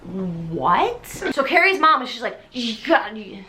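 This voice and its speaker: A tipsy woman hosting a comedic musical recap, chatty and bubbly, jumping into quick character voices. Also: a little high, very animated, sharp tone, slight background noise. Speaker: host.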